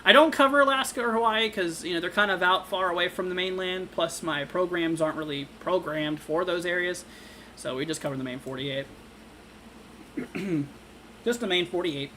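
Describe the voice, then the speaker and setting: A young man hosting a live severe-weather stream, talking casually with lots of fillers and halting restarts while reading viewer comments. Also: high voice, pushed and bright, a little hiss or hum. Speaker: livestream weather host.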